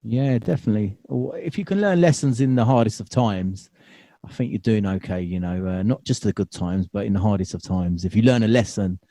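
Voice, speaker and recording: Man, podcast host, relaxed, warm, dry. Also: on the low side, a little fast, no room sound. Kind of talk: casual interview chat.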